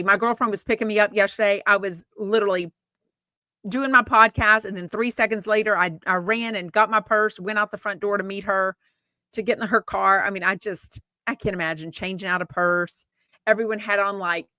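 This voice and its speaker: With a medium-pitched voice that comes across pushed and bright, and no echo, a Texan podcast host chats casually on a live stream. She reads comments aloud, meandering with fillers and restarts.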